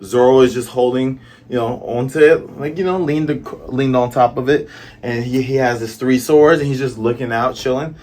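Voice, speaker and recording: A man's voice: mid-range voice, fairly even intonation, moderate pace, a little mellow, a little hiss or hum. A man from the American South talking through a manga chapter in a chatty, musing way. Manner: chatty, musing, lots of fillers. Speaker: manga reviewer. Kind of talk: casual commentary.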